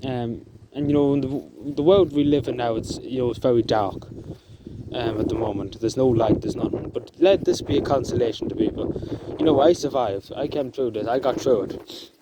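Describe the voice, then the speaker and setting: Man vlogging outdoors, soft-spoken and emotional, hesitant delivery, steady background noise outside. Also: mid-range voice. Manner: halting, with many fillers and restarts. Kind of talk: emotional outdoor vlog talk. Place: outdoors in the countryside.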